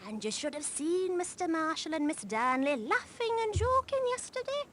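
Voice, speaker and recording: A woman's voice: extremely high pitch, very animated, moderate pace, noisy background. An actress voicing a chatty, gossiping middle-aged wife on holiday with a northern English accent, forever turning to her husband for agreement. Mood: gossipy. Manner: gushing, keeps prompting her husband. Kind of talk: video game voice acting.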